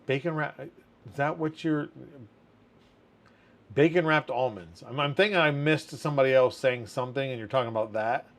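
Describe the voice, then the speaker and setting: A man's voice: mid-range voice, moderate pace, pauses often. A man in his thirties hosting a casual livestream chat, reading viewer comments aloud and laughing often. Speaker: community manager hosting a livestream.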